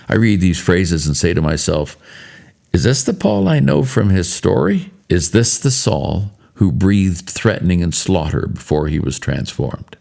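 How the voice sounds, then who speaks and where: A man in later life giving a spoken devotional, telling stories in a measured, earnest way. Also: sits low, sing-song, gravelly, darkish tone. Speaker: devotional speaker.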